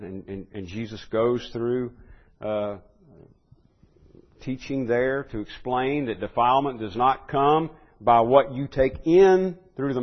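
A man's voice: medium pitch, highs cut off. A man teaching a Bible lesson, thinking aloud with fillers and restarts, then building to emphatic repeated phrases.

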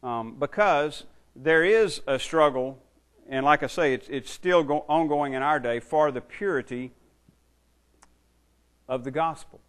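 A man's voice: a little high, a little slow, pauses often, a bit bright. Man preaching an emphatic sermon. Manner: conversational teaching with emphatic scripture reading. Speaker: pastor.

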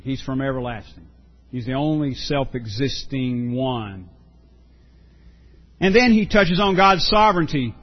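A pastor preaching a sermon, earnest and emphatic, often repeating words for stress. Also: male voice, medium pitch, animated, measured pace, long pauses, highs cut off.

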